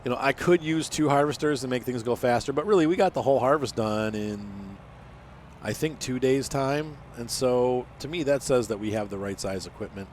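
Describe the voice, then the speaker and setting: A man's voice: mid-range voice, moderate pace, darkish tone, a little hiss or hum. A man hosting a farming game let's-play, talking casually and rambling as he plays, with some teasing banter. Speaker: gaming channel host.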